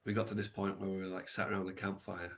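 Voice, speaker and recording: A man's voice: low-pitched, completely flat delivery, fast talker. A man on a livestream telling a long story in a reflective, rambling way, swearing casually.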